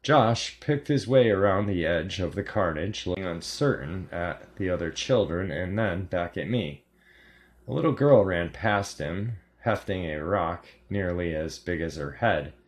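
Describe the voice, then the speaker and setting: A male narrator reads a scripted horror story aloud in a calm, measured style. His voice is low and his delivery unhurried.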